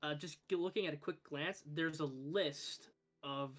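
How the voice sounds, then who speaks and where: Guy running a dnd game, bright voice, lots of uhs and likes. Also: a little high, a little slow. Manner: relaxed, hesitant narration with fillers. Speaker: game master. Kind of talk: narrating a tabletop game.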